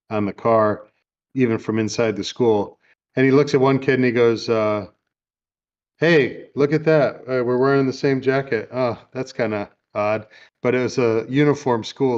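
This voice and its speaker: A man hosting a casual chat, recapping a movie in a relaxed, rambling way with lots of fillers. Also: fairly low pitch, highs cut off. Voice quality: easygoing, rambling with many fillers. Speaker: podcast host. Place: home room.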